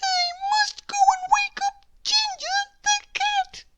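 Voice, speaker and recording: A woman doing a squeaky frantic little mouse. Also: flat delivery, slow, very noisy. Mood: frantic squeaking. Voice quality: squeaky, very high. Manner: anxious and urgent. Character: tiny frantic young male mouse. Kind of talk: storybook read-aloud.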